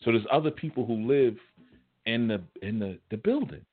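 A man teaching a spiritual class, telling stories in a casual, animated, colloquial way. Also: mid-range voice, moderate pace, breathy edge. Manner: animated, colloquial, chuckles mid-story. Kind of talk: casual storytelling lecture. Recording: phone-like narrow band audio.

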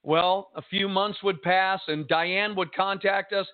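A man's voice: sits high, fairly even intonation, unhurried. A man, a pastor and radio host, telling a faith story in an earnest, conversational way. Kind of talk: storytelling testimony on a sermon radio show. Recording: tinny phone-line sound.

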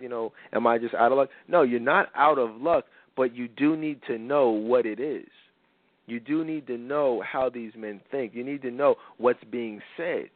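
Brief: young male radio host, casual advice talk, animated quoted voices, dry narrow phone-like sound. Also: dry recording. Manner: animated storytelling, acts out quotes with big pitch jumps. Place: radio studio.

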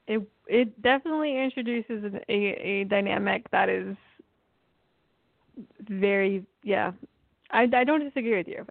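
A woman's voice: mid-range voice, moderate pace, vocal fry, long pauses, no echo. Opinionated woman over a phone-like line. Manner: opinionated and emphatic, lays out arguments point by point. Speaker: podcast host. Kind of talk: casual chat. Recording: tinny phone-like line, dry.

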